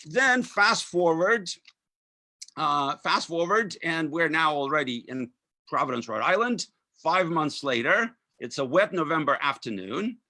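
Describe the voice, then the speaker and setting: A man in his fifties from Russia with a Russian accent, giving a lecture that mixes reading with remarks, measured and full of uh fillers. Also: a little high, sharp tone, slight background noise. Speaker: author giving a talk.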